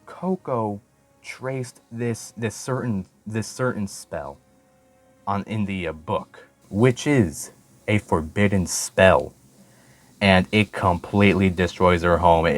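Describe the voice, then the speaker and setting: Low-voiced man in a rambling, profane recap. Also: takes it slowly. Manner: rambling, stumbles over words, swears freely. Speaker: anime reviewer. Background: faint background music.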